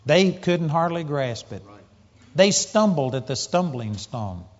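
Animated male preacher in an echoing hall. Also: slow pace. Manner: animated storytelling, rising pitch when excited. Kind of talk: sermon. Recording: muffled sound with long hall reverb.

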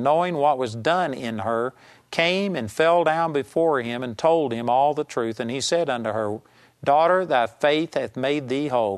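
A man teaching a sermon series on healing, talking in a conversational, emphatic way and reading scripture aloud slowly. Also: medium pitch. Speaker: Bible teacher.

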